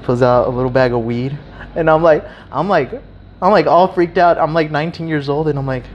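A young man casually telling a story, animated and swearing freely, acting out the people in it. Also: fairly high pitch, a little fast, muffled recording. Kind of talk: casual chat.

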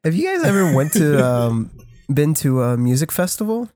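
A man's voice: on the high side, big pitch swings, moderate pace, a little mellow, dry recording, studio quality. Rambling, profane young man. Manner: rambling, profane, laughs while telling stories. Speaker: podcast co-host. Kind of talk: casual chat, storytelling.

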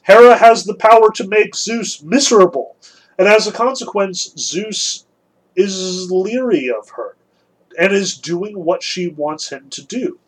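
A man's voice: high voice, expressive, a little slow, husky, poor audio. A man giving a casual lecture on a classic text, conversational and emphatic, with wry asides.

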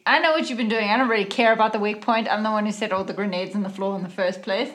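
A woman playing a tabletop game, talking in an animated, playful way about her character's moves. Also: medium pitch, rapid-fire. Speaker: player.

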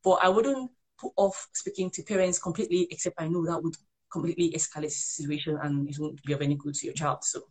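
Fast-talking husky woman giving parenting advice. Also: deep voice, fairly even intonation, darkish tone. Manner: earnest, repeats herself while explaining. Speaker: guest author and parent. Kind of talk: conversational advice on a live show.

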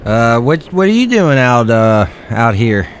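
A man's voice: medium pitch, very animated, measured pace, a little hiss or hum. A man improvising a game role-play in a thick put-on frontier drawl, joking around. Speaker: player roleplaying a character.

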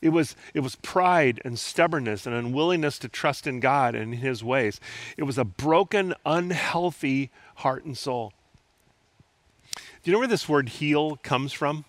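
A man's voice: medium pitch, dry recording. A man preaching a sermon in an earnest, conversational way, asking his listeners rhetorical questions. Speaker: pastor.

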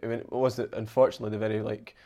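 A man's voice: lowish voice, little pitch movement, rapid-fire, dark tone. A man as a podcast guest, chatting casually in a joking, self-deprecating way. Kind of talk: casual football podcast chat.

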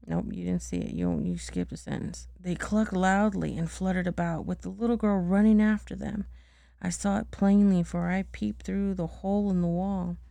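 Mellow, gravelly mother reading a bedtime story. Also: mid-range voice, dry recording. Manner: gentle, unhurried storybook reading with chatty asides. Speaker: mother reading to her child.

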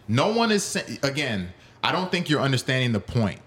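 Sing-song and a bit bright, the host's mid-range voice moves at normal speed as he runs his solo MMA show. He reads chat, reacts to clips, and rants angrily with swearing, his voice climbing whenever he's upset.

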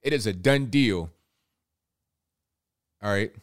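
A man with a low-side voice speaks slowly while hosting a loose, chatty live stream. Reading out viewers' super chats, he often repeats words and chuckles.

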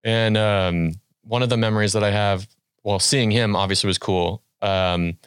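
Man, podcast host, low voice, dry close sound, easygoing storyteller. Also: steady tone, clear, resonant tone, no room sound. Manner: easygoing, storytelling, quick bursts. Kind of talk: casual podcast chat.

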